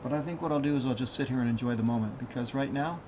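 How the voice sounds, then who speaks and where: A man outdoors by a fishing lodge, speaking in a calm, steady voice as a show host. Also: racing. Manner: calm, low-key, steady. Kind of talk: calm narration to camera. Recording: noisy outdoor recording.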